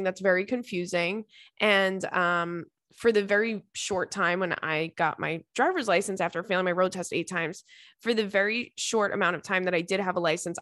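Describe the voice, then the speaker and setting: A woman's voice: medium pitch, fairly bright tone, no echo, studio quality. A young woman hosting a podcast, chatting casually and rambling through listener messages with lots of fillers. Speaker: podcast host.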